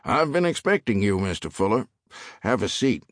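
A man's voice: fairly low pitch, very animated, normal speed, no room sound, clean studio sound. A man voicing a formal, businesslike male prison warden.

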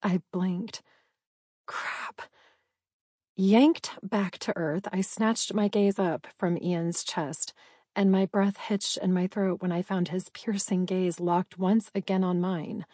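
A young woman reading a first-person romance audiobook, expressive and breathless in the character's inner thoughts. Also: medium pitch, no echo, clean studio sound. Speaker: audiobook narrator.

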